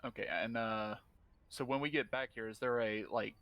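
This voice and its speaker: A man playing in a tabletop game, calmly describing what his character does. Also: mid-range voice, normal speed, dry recording. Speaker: player. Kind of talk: casual tabletop play.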